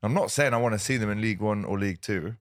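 A man's voice: on the low side, quick pace, no echo, studio quality. A man hosting a casual football chat, telling stories and putting on other people's voices as he goes. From Liverpool. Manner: animated, does voices when retelling stories. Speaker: host.

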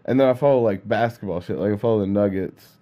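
A man's voice: lowish voice, fast, muffled recording. A man who is a musician and podcast co-host, talking casually and hesitantly, often trailing off. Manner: hesitant, trails off, self-doubting. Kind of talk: casual chat.

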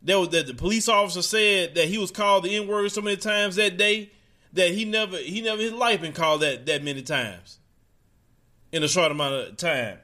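High bright man in heated commentary. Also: brisk. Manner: heated, preachy, talking straight to the audience; casual, mocking quotes in other voices. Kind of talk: opinion commentary monologue.

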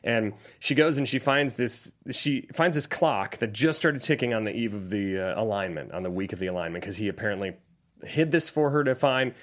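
A man's voice: fairly low pitch, fairly quick. A man co-hosting a casual podcast, breaking down a movie with laughs and jokey asides. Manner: animated, laughing, jokey impressions. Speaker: podcast co-host.

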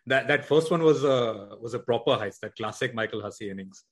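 A man's voice: medium pitch, brisk, a bit bright. A man co-hosting a podcast in casual cricket chat, rambling with many restarts and hedges. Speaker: podcast co-host.

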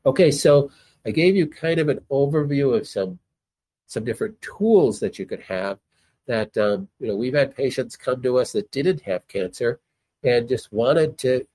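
A man who is a doctor, a guest on a call, explaining in a relaxed way with many fillers. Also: medium pitch, no room sound. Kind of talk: explanatory conversation.

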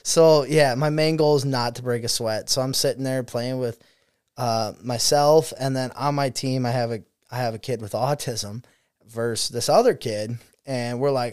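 A man's voice: medium pitch, normal speed, clean tone, no echo, clean studio sound. A young man, a student teacher, telling stories in a casual chat, swearing freely and laughing as he goes. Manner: profane, laughing, animated storyteller.

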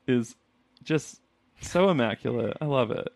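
A man co-hosting a casual chat podcast, chatty and quick to laugh, acting out lines as he talks. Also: mid-range voice, lively intonation, gravelly, no room sound. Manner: chatty, laughs often, acts out quotes. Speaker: podcast co-host.

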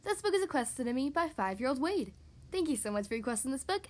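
A woman hosts a children's podcast, reading a storybook aloud. Her high voice is bright with expression and swings lively up and down. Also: fast talker, loud music behind the voice.

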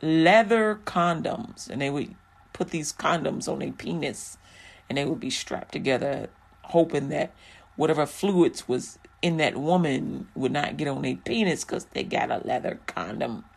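A woman's voice: deep voice, unhurried, vocal fry, breathy edge. A woman teaching a Bible passage in a casual, frank and joking way, with lots of fillers.

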